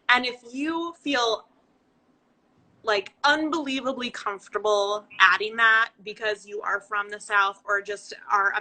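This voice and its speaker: A woman hosting a casual livestream interview over a video call, chatty and quick to agree. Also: medium pitch, bright, forceful tone, rough recording. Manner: chatty, frequent agreeing, passionate asides. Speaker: host.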